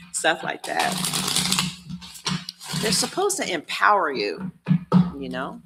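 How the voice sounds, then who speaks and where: A woman's voice: lowish voice, huge pitch swings, very slow, long pauses, heavy background noise. A woman giving a casual tarot reading, talking bluntly and preachily, with slangy asides to her viewers. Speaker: tarot reader.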